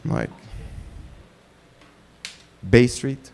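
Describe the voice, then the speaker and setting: On a comedy club stage before a live audience, a Lebanese man hosts an open mic, doing stand-up where he acts out both sides of dialogues and swears plenty. His voice is a little high and sing-song, slow, with frequent pauses, and he booms loud announcer calls when bringing on acts.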